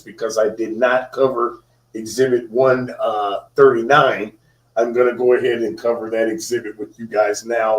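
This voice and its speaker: A man's voice: mid-range voice, roomy sound, distant mic, low-quality recording. A man hosting a watchdog channel, delivering fiery commentary with an impassioned, indignant edge.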